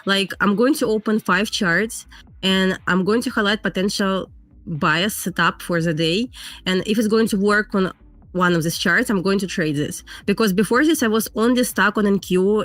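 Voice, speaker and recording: A woman from Belarus speaks with a Russian accent in a mid-range voice at a moderate pace, with no room sound. She's a guest trader in a casual interview over a video call, earnest and plain-spoken in non-native English, laughing often.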